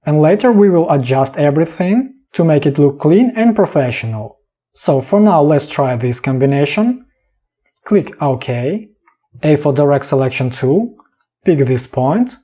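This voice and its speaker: A man narrating a step-by-step software tutorial in calm, clipped instructions. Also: a little high, breathy edge. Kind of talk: step-by-step screen tutorial voice-over. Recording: dull lo-fi voice-over.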